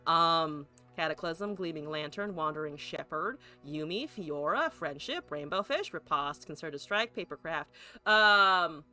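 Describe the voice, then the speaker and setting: A woman's voice: sits low, expressive, unhurried, sharp tone, faint music behind. A woman streamer ranting with exasperation while playing a card game, swearing and firing off rhetorical questions.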